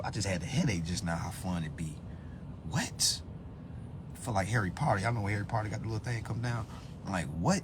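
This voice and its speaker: A man hosting a live phone stream in a profane rant, dropping to low muttering and then bursting into loud, high-pitched shouts. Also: slight background noise. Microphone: phone on a social live stream.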